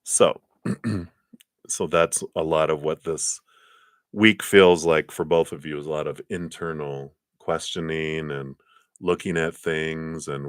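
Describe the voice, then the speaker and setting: A man giving live tarot readings in a gentle, meandering way, with many fillers and soft laughs. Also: very deep voice, steady tone, takes it slowly, no room sound, studio quality. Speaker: tarot card reader.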